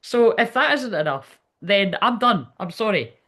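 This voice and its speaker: A woman's voice: mid-range voice, very animated, moderate pace, a bit bright. A Scottish woman giving a casual live tarot reading, blunt, sweary and chatty, with lots of fillers. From Scotland. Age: adult, ten years online. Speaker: spiritual reader on a livestream.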